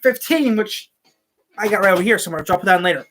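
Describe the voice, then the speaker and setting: At home with a desk microphone, a woman chats casually on her own channel, rambling and frequently starting sentences over. She talks fast, with a medium-pitched, slightly bright voice.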